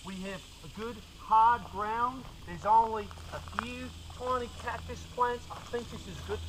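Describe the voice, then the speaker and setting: Young male comic host, high voice, overblown earnest survival-show patter, faint insect hum outdoors. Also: recorded from a distance. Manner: over-earnest, fake-dramatic enthusiasm about silly gear. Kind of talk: mock-serious comedy survival presenting.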